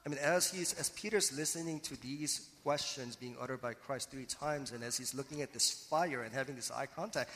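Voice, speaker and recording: Man, pastor, earnest emphatic sermon, dramatic pauses, long echo of a church hall. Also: medium pitch, sharp tone.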